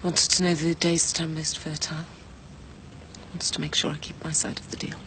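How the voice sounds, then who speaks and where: A hushed, troubled young woman. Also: low-pitched, level tone, fairly quick, a little hiss or hum. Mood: distressed. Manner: quiet, hushed and distressed confiding. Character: troubled young woman trapped in a bad deal. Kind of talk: TV soap drama acting.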